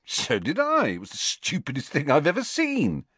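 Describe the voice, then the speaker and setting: A man's voice: fairly high pitch, huge pitch swings, moderate pace, fairly bright tone, husky, no echo, voice pushed up, heavily acted. A man doing a blunt, plain teenage boy. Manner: blunt, understated.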